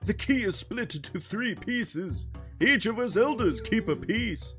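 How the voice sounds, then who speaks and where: A streamer voicing an old male rock-creature elder of a tribe, slow and formal as he reads the game's lines aloud. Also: high voice, animated, fairly bright tone, pitched above the performer's own voice. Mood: solemn. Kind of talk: reading game dialogue aloud in a voice. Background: game music.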